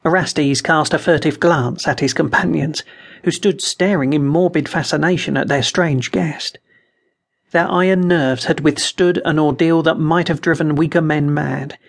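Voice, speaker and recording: A man narrating an unabridged fantasy audiobook in a measured, dramatic way. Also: a little high, steady tone, gravelly.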